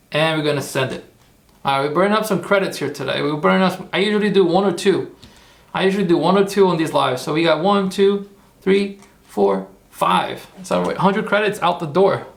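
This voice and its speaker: A man's voice: fairly high pitch, gravelly, fairly bright tone. A man hosting a casual tutorial livestream, rambling, repeating himself and talking to his chat. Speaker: livestream host.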